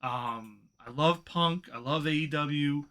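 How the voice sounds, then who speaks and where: A man co-hosting a casual wrestling podcast, talking in an animated way and swearing as he vents. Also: a little high, slow pace. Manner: animated, swearing, venting frustration. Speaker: podcast co-host.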